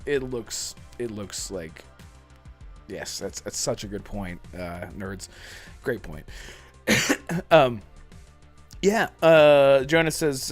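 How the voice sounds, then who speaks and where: Animated man hosting a gaming stream. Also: medium pitch. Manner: animated, laughs often, acts out movie lines. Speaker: podcast host reading live chat. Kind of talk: casual livestream chat.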